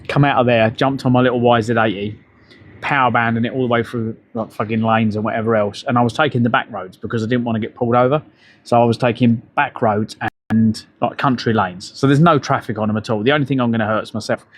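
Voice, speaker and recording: A man's voice: mid-range voice, fairly even intonation, fast. A middle-aged man, telling rambling, profane stories to his live-stream chat while out on a bike ride. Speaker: livestreamer.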